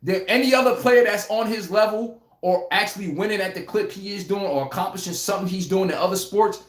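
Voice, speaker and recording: A man's voice: high voice, fairly quick, roomy sound. A man hosting a casual live sports stream, joking and laughing as he reads viewer comments. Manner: animated, laughing, joking banter with chat.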